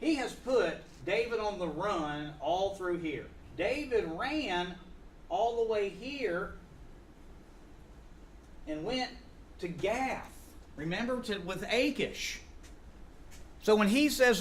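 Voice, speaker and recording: Man, middle-aged, high-pitched, animated Bible class teacher who voices scripture scenes and quizzes his students. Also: slow pace. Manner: animated, acts out biblical dialogue and quizzes the class. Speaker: Sunday School teacher and church elder.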